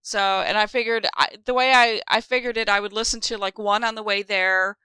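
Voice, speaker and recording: A woman co-hosting a podcast in casual, rambling chat, quick to laugh and tired after a long drive. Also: mid-range voice, fairly even intonation, sharp tone, smooth, no echo, rough recording. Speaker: podcast co-host.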